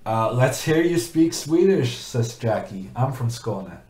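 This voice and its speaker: Slow-talking man in an echoey room. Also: medium pitch, lively intonation, darkish tone. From Norway. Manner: rambling, chatty, reads chat questions aloud. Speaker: chess streamer. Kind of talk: casual commentary while playing chess.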